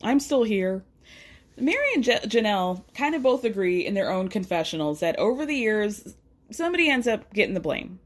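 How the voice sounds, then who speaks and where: A woman's voice: medium pitch, big pitch swings, normal speed. Sassy woman recapping reality TV. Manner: sassy, profane, mimics people she quotes. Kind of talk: casual recap commentary.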